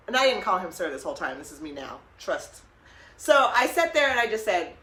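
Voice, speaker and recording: A woman's voice: medium pitch, very animated, a little fast, a bit bright. A woman hosting a podcast, telling a story with emphasis, laughing often and quoting what was said. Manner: emphatic, laughs often, quotes herself and others. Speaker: podcast host. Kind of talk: animated storytelling. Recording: roomy echo.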